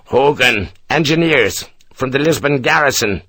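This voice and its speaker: A man voicing an ebullient, middle-aged Irish engineer captain who speaks briskly and emphatically, with an Irish accent. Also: mid-range voice, expressive, a bit bright, slight background noise.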